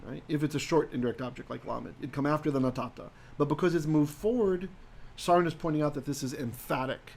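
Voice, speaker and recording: A man teaching a live-streamed Hebrew Bible lesson in a conversational way, often asking "right?" and reading Hebrew verses slowly aloud. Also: on the high side, gravelly.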